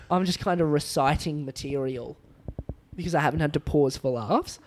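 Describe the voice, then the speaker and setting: As a podcast guest, a young man tells stories in a relaxed, comedic way, laughing often and linking ideas loosely with lots of fillers. His slightly raised voice is a little high, at normal speed, with slight background noise.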